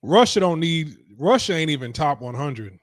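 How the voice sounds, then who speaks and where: A young adult man with a slightly high voice, hosting a casual stream. He talks bluntly and profanely, dismissing what he reads with animated scorn. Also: normal speed, no room sound, clean studio sound. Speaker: streaming talk show host. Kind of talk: casual reaction commentary.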